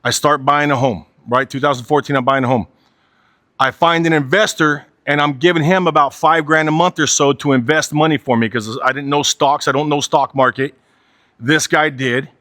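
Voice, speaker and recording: Forties guy cussing his way through a pep talk, kinda high voice, says "right?" a lot, dry sound. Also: steady tone, normal speed, pushed and bright, no room sound. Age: 40s. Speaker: motivational speaker. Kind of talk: candid motivational talk.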